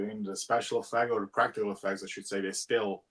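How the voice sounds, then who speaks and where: Enthusiastic young man, low voice. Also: level tone, fast talker, fairly bright tone. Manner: enthusiastic, laughs often. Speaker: podcast co-host. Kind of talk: casual chat.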